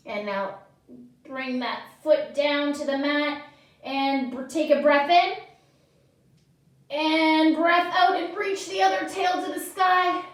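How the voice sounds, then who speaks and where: A woman leads a children's yoga class in a high, unhurried voice, cheering the kids on as she reads a story. She is recorded from a distance in a very echoey studio. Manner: bright encouraging instructions to children. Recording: echoey room, from far off.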